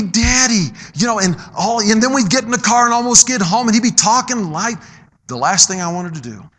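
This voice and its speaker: A middle-aged man preaching a sermon, moving between loud, emphatic exhortation and low, quiet storytelling.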